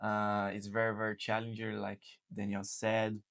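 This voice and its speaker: A man's voice: on the low side, completely flat delivery, moderate pace, vocal fry, fairly bright tone. Brazilian-accented man talking earnestly. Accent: Brazilian Portuguese. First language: Portuguese. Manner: earnest, repeats words and says "man". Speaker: host. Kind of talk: casual conversation.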